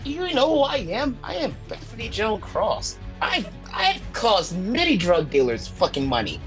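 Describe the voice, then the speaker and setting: A woman's voice: medium pitch, huge pitch swings, a little slow. Gal playing her tabletop character, brassy and foul-mouthed, voice swooping all over, bit of music behind. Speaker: player.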